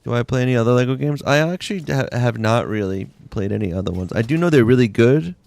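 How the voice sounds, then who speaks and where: A man's voice: medium pitch, lively intonation, fast talker, creaky, darkish tone. A man live-streaming a game, chatting casually in a rambling, slangy way full of "like"s. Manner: laid-back, rambling, slangy with many "like"s. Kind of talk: casual live-stream chat while playing.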